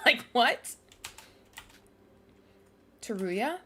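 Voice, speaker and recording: A woman's voice: on the high side, lively intonation, drawn-out words, pushed and bright, slightly rough. A young woman streamer commenting live on a game, ranting angrily and swearing at the characters. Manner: angry, profane, ranting at characters.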